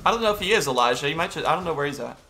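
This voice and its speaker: A man's voice: a little high, lively intonation, rapid-fire, sharp tone, a little hiss or hum. A young man streaming a video game, chatting casually and greeting viewers and answering chat as he plays.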